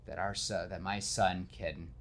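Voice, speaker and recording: Animated low-voiced male podcast host. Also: slight background noise. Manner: animated, breaks into quick character voices; self-deprecating, admits nervousness. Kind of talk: casual podcast chat retelling a film.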